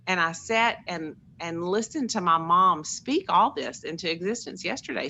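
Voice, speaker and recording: A woman's voice: on the low side, normal speed, vocal fry, hardly any pauses, sharp tone. A middle-aged woman, sharing personal stories in an earnest, chatty way on a group call. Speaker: call participant.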